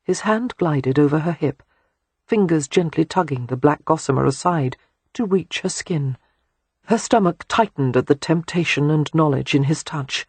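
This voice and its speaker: An audiobook narrator reading a romance novel in a soft, hushed, unhurried way. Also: medium pitch, breathy edge, no echo.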